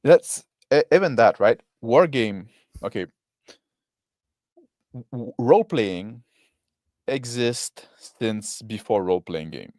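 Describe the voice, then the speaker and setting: A man's voice: medium pitch, animated, slow pace, long pauses, darkish tone, dry recording. Rambling man commenting, dry sound. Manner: rambling, many fillers and tag questions. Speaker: co-host reacting to a video. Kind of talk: casual commentary.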